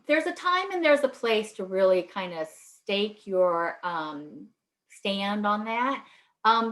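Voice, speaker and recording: Woman giving advice, tagging on "right?". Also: a bit bright. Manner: conversational, often adds "right?" to check in; acts out short quoted lines with lifts in pitch. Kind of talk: presentation to a group.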